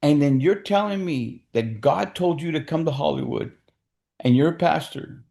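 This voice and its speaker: A man's voice: fairly high pitch, moderate pace, gravelly, mellow, voice pushed up. A man voicing an upset middle-aged landlord's son, scolding in a raised, incredulous way. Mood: indignant.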